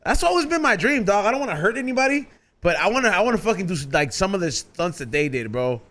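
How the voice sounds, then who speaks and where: Male podcast co-host, slightly high voice, loose profane banter, quick to laugh. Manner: profane, excitable, laughs often, acts out quoted voices. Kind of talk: casual chat.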